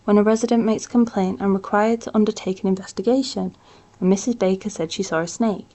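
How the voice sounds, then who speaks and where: A woman's voice: mid-range voice, fairly even intonation, fast, warm tone, close to an everyday voice. A woman voicing a patronising middle-aged male landlord.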